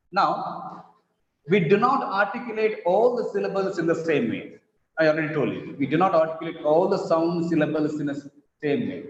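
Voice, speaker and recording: Indian English teacher in his classroom, fairly high voice and deliberate, question-driven explaining. The lecture sounds dull and lo-fi and rings around an echoey room. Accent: Indian English, Kannada-speaking. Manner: deliberate, repeats key words and asks the class questions.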